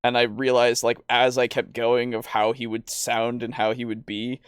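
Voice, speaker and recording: Smooth-voiced, chatty man. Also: mid-range voice, completely flat delivery, moderate pace, no room sound, clean studio sound. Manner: rambling, with fillers and restarts, laughs often. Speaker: podcast co-host. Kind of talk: casual chat.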